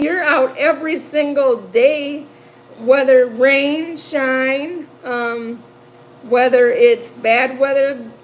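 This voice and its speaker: A high-pitched woman in her fifties from the American Midwest hosts a livestream, chatting casually with her viewers. She is emotional and talkative, laughs a lot, and repeats words. The recording is rough.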